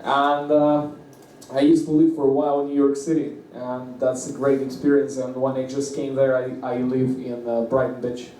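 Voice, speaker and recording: A man's voice: mid-range voice, flat delivery, dark tone. Giggly man with a Russian accent, echoey. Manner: halting, restarting phrases, giggling between lines. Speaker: stand-up comedian. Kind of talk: stand-up comedy set. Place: comedy club open-mic stage. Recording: echoey room, distant mic, faint noise.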